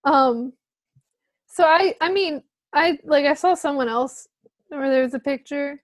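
A woman's voice: high-pitched, measured pace, dry recording. A young woman chatting casually, telling stories full of "like" and laughing often. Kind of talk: casual chat.

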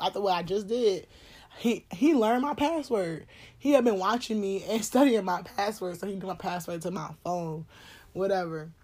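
A woman, telling a personal story in a blunt, animated way, swearing and laughing often. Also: mid-range voice. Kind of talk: casual storytime chat.

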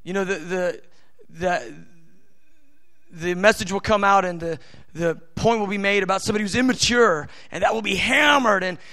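A man's voice: sits high, normal speed, pushed and bright. A man preaching a live sermon, speaking emphatically and talking directly to his listeners. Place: church service with family present.

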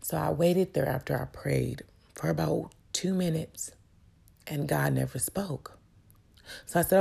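A woman's voice: low-pitched, unhurried, vocal fry, long pauses, dark tone, slightly rough. A woman giving an earnest, emotional faith testimony straight to her viewers. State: tearful at times. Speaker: vlogger sharing a testimony.

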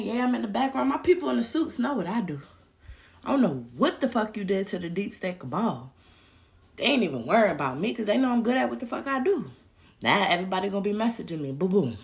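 A woman giving a casual, profane, blunt rant to her viewers. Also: on the high side. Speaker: vlogger. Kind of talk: casual ranting livestream.

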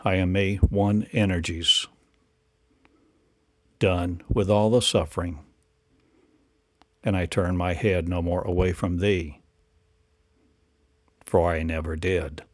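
A man's voice: low-pitched, steady tone, slow, pauses often, no echo. A man delivering a rambling spiritual monologue in incantatory, repetitive declarations and rhetorical questions.

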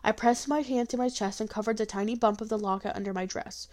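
A woman reading a first-person folk tale aloud, expressive, with small slips and restarts. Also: on the high side, quick pace.

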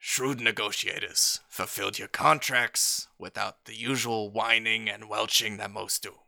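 A man doing a smooth-talking shady gnome. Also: fairly low pitch, unhurried, no room sound, full character voice. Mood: oily. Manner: oily, flattering.

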